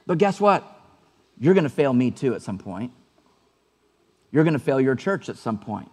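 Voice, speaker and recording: Male pastor, slightly high voice, earnest conversational sermon with repeated phrases, long hall reverb. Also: darkish tone, slightly rough.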